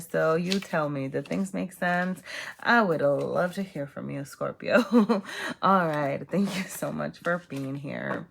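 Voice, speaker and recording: Low-voiced rambling woman tarot reader. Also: vocal fry, a little hiss or hum. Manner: rambling, laughs at herself, many fillers. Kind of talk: casual tarot reading.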